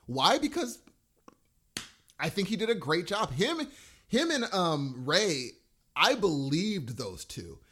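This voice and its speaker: A man co-hosting a podcast, chatting casually. His voice sits a little high and moves around a lot. He gets enthusiastic and often leaves sentences unfinished. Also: slow, pauses often, slight background noise. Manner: animated, enthusiastic, trailing off mid-sentence. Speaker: podcast co-host. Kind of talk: casual chat.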